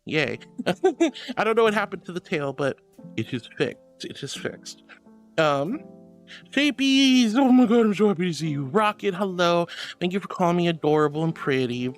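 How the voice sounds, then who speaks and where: A young woman chats on a live stream, reading out viewer messages and calling people sweetie and darling. Her pitch swoops up and down constantly. Faint music plays under her voice. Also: animated, normal speed. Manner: affectionate, giggly, calls viewers sweetie and darling. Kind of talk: casual stream chat.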